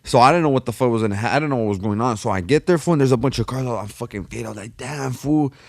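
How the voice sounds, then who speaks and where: A man's voice: mid-range voice, fast talker, creaky, a little mellow, dry recording, studio quality. A man telling a story on a podcast in a slangy, profane way. He keeps calling his listener "fool.". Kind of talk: casual chat, storytelling.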